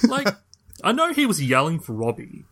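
A man chatting on a podcast, animated and incredulous, asking pointed questions. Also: on the high side, normal speed. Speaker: podcast co-host. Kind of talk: casual chat.

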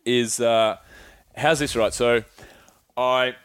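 A young man spins a travel story in an easygoing podcast chat. He swears freely and puts on quick voices for the people he quotes. His voice sits at an ordinary male pitch in a dry room with no echo. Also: fairly even intonation, a bit bright, smooth. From Australia. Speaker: podcast guest.

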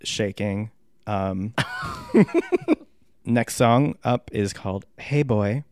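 Low-voiced man in joking music chat. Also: huge pitch swings, drawn-out words, a little mellow, no echo, clean studio sound. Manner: jokey, laughs often. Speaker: podcast co-host. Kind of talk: casual music review chat.

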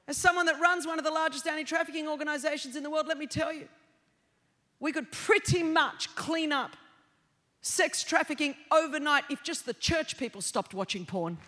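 An emphatic woman preacher with a very high, bright, piercing voice. She drives her sermon hard and shouts her key points. Her words ring through a big hall with a long echo and a faint crowd. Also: moderate pace. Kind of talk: passionate sermon. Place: large church hall.

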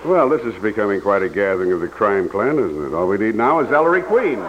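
A man's voice: lowish voice, very animated, fast. An actor playing a wisecracking hard-boiled male private eye with a dry, rambling delivery in a radio comedy sketch. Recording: dull old radio broadcast with hiss.

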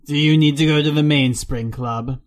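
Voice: mid-range voice, steady tone, normal speed, lightly acted. A player voicing a weary, grudging bar regular in a tabletop game, answering with sighs and dry replies.

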